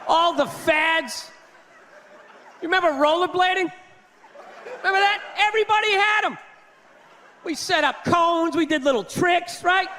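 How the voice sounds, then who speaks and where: A man doing a stand-up comedy set, ranting loudly and swearing. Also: very high voice, a little slow, long pauses, a faint crowd. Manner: loud ranting delivery, swearing. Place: stage in a large venue. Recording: reverberant hall with live audience. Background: audience laughter and faint hiss.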